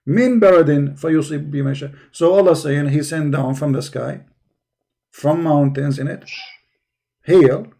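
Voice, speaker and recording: Gravelly dark-voiced guy running a debate call, talks quick and pushy. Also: fairly high pitch. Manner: fast, pushy, switching between English and Arabic recitation. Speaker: debate host. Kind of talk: live online debate call.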